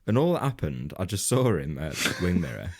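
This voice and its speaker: A man's voice: sits low, very animated, a little fast. A man co-hosting a comedy podcast, telling a rambling anecdote in casual banter, laughing often and swearing freely. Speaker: podcast co-host.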